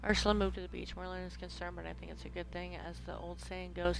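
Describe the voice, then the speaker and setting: A woman's voice: on the low side, fairly even intonation, brisk, vocal fry, pushed and bright, a little hiss or hum. A woman streaming a video game at home, chatting casually, swearing when annoyed and talking to her pet. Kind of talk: casual gameplay chat.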